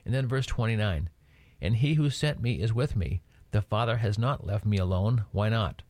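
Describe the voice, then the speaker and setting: A man with a somewhat low voice teaches scripture in a relaxed, conversational way. He keeps turning to his listeners with "right?" The sound is dry and close. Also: normal speed, no room sound. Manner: frequent "right?" checks with listeners. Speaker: Bible teacher.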